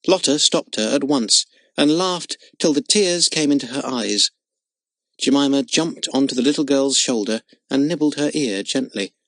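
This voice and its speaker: Male storybook narrator, expressive, mid-pitched, very dry sound. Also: dry recording. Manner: expressive, dramatic reading. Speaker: audiobook narrator.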